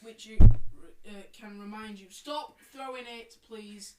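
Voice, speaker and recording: A woman's voice: a little high, steady tone, slow pace. Giggly rambling woman, echoey room. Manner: giggly, rambling, loud silly outbursts. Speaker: podcast co-host. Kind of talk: chaotic casual chat. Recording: echoey room, distant mic, faint noise.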